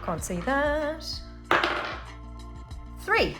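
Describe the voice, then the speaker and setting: Loud music plays behind a high-pitched woman speaking very slowly with big swings in pitch. The British host of a budgeting channel, she chats through a casual cash-stuffing vlog, counting notes aloud and laughing at her own errors.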